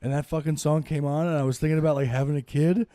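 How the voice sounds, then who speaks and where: A man's voice: a little high, fairly even intonation, quick pace, mellow, no room sound. A man from the United States, a comedian guest on a podcast, chatting in a profane, joking way. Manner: profane, joking, breaks into mock singing. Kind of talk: casual podcast chat. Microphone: handheld microphone.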